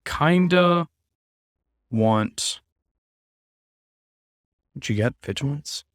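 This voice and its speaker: A man's voice: fairly high pitch, expressive, very slow, dry recording, studio quality. A man streaming a card game, giving casual commentary with wry, sarcastic asides.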